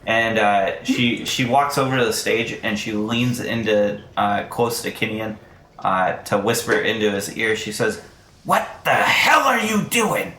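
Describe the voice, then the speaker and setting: A man narrating as game master of a tabletop game, in a relaxed manner that breaks into laughter. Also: on the low side, measured pace, echoey room.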